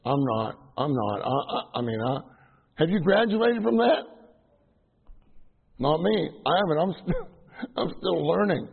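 A man's voice: on the high side, expressive, unhurried, gravelly, pauses often, breathy edge. A middle-aged man preaching to trainees in a chatty, self-deprecating way, full of fillers and restarts. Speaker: minister teaching trainees. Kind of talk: casual sermon to a live audience. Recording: tinny phone-like sound.

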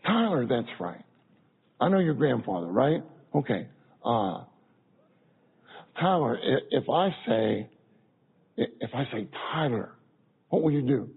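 A man preaching a sermon to a congregation, repeating phrases and swinging between loud and soft. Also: mid-range voice, sing-song, unhurried, gravelly, pauses often, husky. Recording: tinny phone-like sound.

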